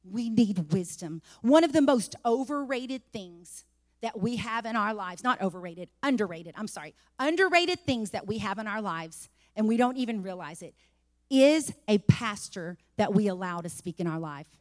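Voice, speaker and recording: A woman preaching a sermon in a church, testifying and rising to fervent shouts. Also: mid-range voice, animated, normal speed, in a large hall. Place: church sanctuary.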